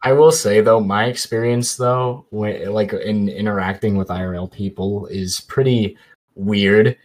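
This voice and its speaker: A man's voice: on the low side, fairly even intonation, unhurried, a little mellow. A young man, a college student and YouTuber, chatting casually as a podcast guest and rambling through anecdotes with lots of fillers. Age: young adult. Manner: rambling storytelling with many fillers.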